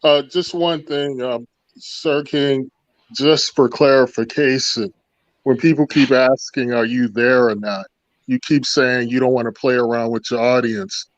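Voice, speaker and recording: A man's voice: mid-range voice, fairly even intonation, measured pace, no echo. A man calling in to a livestream, insistent and probing with his questions. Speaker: caller. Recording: dull lo-fi call audio.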